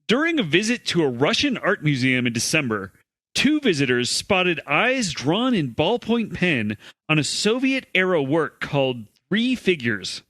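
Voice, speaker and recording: A man with a bright, fairly high voice reads offbeat news stories aloud on a podcast. He tosses in dry jokes between the lines, and his delivery moves up and down a lot. The sound is close and dry. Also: sing-song, measured pace, no room sound. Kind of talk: casual comedy chat.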